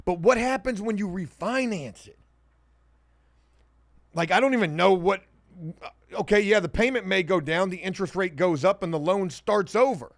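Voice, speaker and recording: A man hosting a casual livestream, reading viewer comments and joking around, swinging between loud hype and muttered asides. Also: high voice, normal speed, no room sound, studio quality. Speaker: livestream host.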